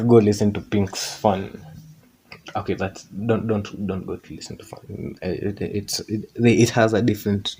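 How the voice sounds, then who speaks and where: A man's voice: lowish voice, a little mellow, a little hiss or hum. A man giving a casual motivational monologue in a rambling, digressive way, often correcting himself.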